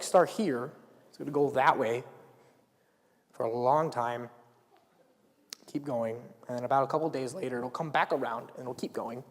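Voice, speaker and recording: A man's voice: on the high side, a little mellow. A young man giving a casual sermon as a student speaker, talking conversationally and dropping into whispers when he acts out quotes. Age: young adult. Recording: reverberant hall, live stream.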